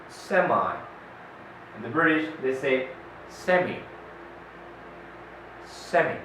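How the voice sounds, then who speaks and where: A man teaching a classroom pronunciation lesson, speaking deliberately, pausing with "uh" and repeating each model word. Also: medium pitch, fairly bright tone. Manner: slow, deliberate, with many "uh" pauses and repeated model words. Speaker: English teacher. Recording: echoey room, voice far from the mic, faint noise.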